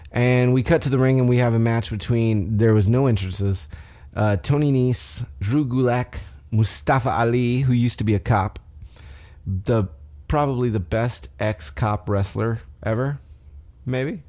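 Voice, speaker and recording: Mellow, rambling man recapping wrestling. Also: medium pitch, measured pace. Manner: rambling, profane, self-correcting. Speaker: podcast host. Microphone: desk microphone.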